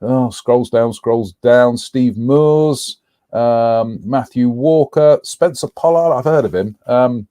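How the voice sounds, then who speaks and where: Male co-host, casual and rambling, mid pitch, dry close sound. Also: takes it slowly, dark tone, no echo. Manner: rambling, frequent ums, reading out viewer names. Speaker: co-host of a live stream. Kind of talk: casual live-stream chat.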